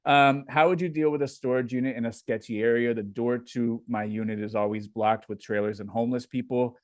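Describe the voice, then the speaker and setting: A man's voice: medium pitch, fairly even intonation, a little fast, no echo. A man from Indiana, hosting a casual live Q&A and reading viewer comments aloud before answering them. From Indiana, USA. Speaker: livestream host.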